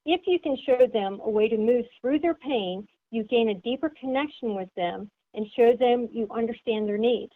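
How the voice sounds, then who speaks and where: A woman leads a sales seminar in a fairly high voice, laying out each point step by step. She turns questions back to her listeners as she teaches. The sound is thin and narrow, like a phone line. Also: moderate pace, hardly any pauses. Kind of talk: instructional seminar talk.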